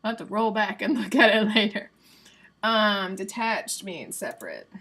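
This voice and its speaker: A woman's voice: mid-range voice, expressive, moderate pace, a bit bright. A woman from the United States hosting a livestream in a chatty, casual way, reading quiz answers aloud and laughing often. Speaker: livestream host.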